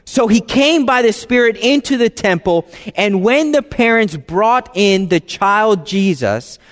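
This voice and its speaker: The pastor's high voice rings through a long, echoing church hall as he preaches with unhurried, lively intonation. His style is easygoing and conversational, softening into hushed phrases when he wants emphasis.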